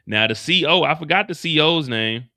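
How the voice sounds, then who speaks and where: Male host for a casual recap stream, animated and cussing freely, bright forceful voice. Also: a little high, moderate pace. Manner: animated, profane, slangy. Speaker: livestream host.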